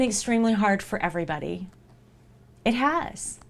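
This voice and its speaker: A woman's voice: fairly low pitch, moderate pace, pauses often. A woman streamer talking live to her viewers in an earnest, reassuring way, repeating herself for emphasis.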